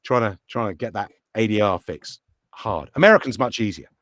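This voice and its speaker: The voice is fairly low and brisk, captured with clean studio sound and no echo. It belongs to a middle-aged actor and voice actor who chats as an interview guest, animatedly acting out voices in his anecdotes.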